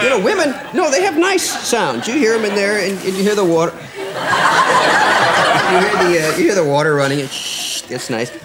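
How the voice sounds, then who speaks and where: A middle-aged American man, a comedian guest, telling rambling wry anecdotes with hesitations on a talk show. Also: on the high side. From United States. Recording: noisy broadcast with studio audience.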